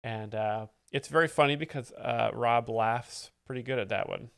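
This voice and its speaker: Brief: male host, smooth clear voice, dry close mic, straight-faced mock expert. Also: mid-range voice, moderate pace, dry recording. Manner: deadpan, faux-earnest. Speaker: host, joke explainer. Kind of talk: mock-expert comedic commentary.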